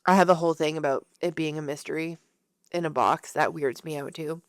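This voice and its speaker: A woman with a fairly low voice chats casually as a podcast co-host, acting out little quotes and laughing often. The sound is dry and close, with no room echo. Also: brisk. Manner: animated storyteller who acts out quotes and laughs often. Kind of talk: casual chat.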